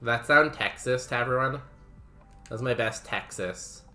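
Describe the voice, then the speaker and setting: A man's voice: mid-range voice, a little slow, bright, forceful tone, soft background music. A young man streaming a game, chatting casually with his viewers, laughing often and saying "like" a lot. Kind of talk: casual chat while playing a game.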